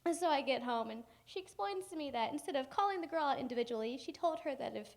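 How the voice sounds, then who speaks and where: A woman's voice: high voice, fast talker, creaky. A young woman giving a keynote speech, telling a personal story with humor and acting out the people in it. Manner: animated and humorous, acting out family members. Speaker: keynote speaker. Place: conference hall.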